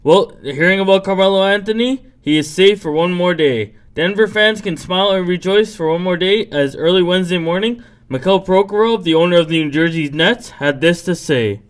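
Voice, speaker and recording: A man's voice: high-pitched, normal speed. A man hosting a sports podcast, reading a scripted rundown with casual asides. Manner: reads from a script, loses energy with asides. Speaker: podcast host.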